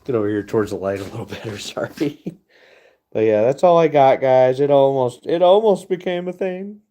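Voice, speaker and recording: A man's voice: medium pitch, expressive, dark tone. A man hosting a casual livestream, chatting to viewers in an easygoing way while he works at his furnace and reads comments. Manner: slow, easygoing, talks to chat while working. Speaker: livestream host.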